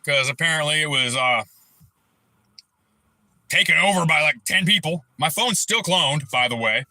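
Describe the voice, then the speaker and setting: A man's voice: a little high, lively intonation, moderate pace, no echo, low-quality recording. Furious profane man ranting. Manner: heated, profane, shouting bursts. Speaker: livestream host. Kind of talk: angry personal rant on a livestream.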